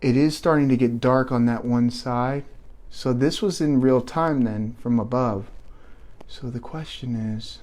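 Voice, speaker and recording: A man's voice: medium pitch, unhurried, a little mellow. A man hosting a live stream, rambling and restarting his sentences as he reads chat and gives an earnest pep talk. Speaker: livestream host reading viewer chat. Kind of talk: unscripted live commentary.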